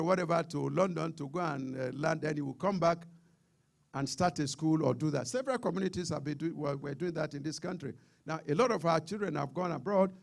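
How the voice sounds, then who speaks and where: A man's voice: on the high side, creaky. A middle-aged Nigerian man with a Nigerian accent, giving an emphatic public lecture and often repeating words. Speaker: seminar speaker.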